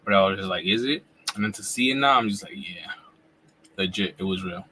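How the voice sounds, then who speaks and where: A man in his forties hosting a casual live wrestling reaction chat at home, talking in relaxed slang while he eats. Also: low voice, fairly quick, a little hiss or hum, poor audio. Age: 40s. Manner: laid-back slangy talk, eating while talking. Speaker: wrestling YouTuber host.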